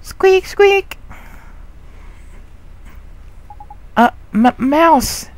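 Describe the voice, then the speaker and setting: Odd little spirit girl, a man voicing her, high and coy, repeats herself. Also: expressive, very slow, full character voice. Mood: excited.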